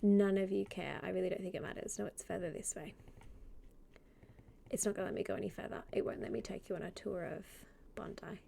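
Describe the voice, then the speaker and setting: Mellow-voiced woman streamer chatting casually. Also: mid-range voice, fairly even intonation, brisk, creaky. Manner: chatty, greets chat by name, often drops to a soft half-whisper. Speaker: live streamer. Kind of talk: casual live-stream chat.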